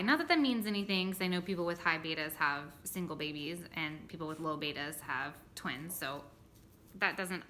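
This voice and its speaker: Bright-voiced chatty young woman. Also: deep voice, moderate pace, slight background noise. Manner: chatty, laughing often, many fillers. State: tired. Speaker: vlogger. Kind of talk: casual chat to camera.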